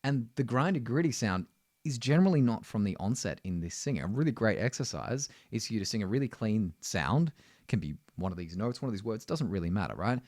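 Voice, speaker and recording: A man's voice: fairly low pitch, very animated, fairly quick, darkish tone, no room sound, studio quality. A man teaching singing, explaining technique and often checking in with "right?". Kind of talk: vocal lesson.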